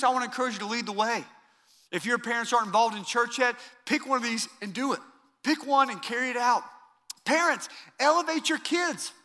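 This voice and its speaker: Male pastor, 30s, high bright tenor, sermon delivery, big reverberant auditorium. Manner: emphatic, repeats key lines, swings from loud to soft.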